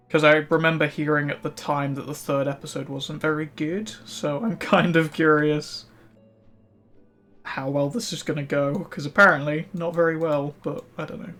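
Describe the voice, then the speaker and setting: A man's voice: a little high, fairly bright tone. A male streamer chatting casually while he plays, rambling with lots of fillers. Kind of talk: casual chat while gaming. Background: faint music.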